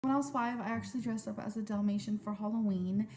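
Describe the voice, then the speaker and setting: A woman's voice: medium pitch, fairly even intonation, fast. A woman talking casually to her camera as a vlogger, chatty and full of "like.". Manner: chatty, peppered with "like". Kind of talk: casual vlog chat. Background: background music.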